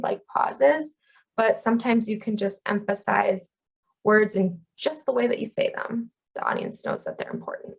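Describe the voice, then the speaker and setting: A woman in her thirties explaining ideas as a communication instructor in an educational video, with clear teaching and lively stress on key terms. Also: mid-range voice, low-quality recording.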